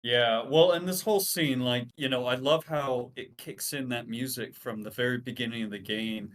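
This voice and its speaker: A man co-hosting a casual video game podcast, talking in a relaxed, enthusiastic way and laughing easily. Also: medium pitch, moderate pace. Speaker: podcast co-host.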